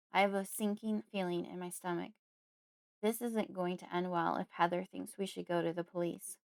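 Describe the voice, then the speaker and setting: A woman reading a creepy horror audiobook in the first person, at a steady, measured pace. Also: lowish voice, gravelly, no room sound, studio quality. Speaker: audiobook narrator.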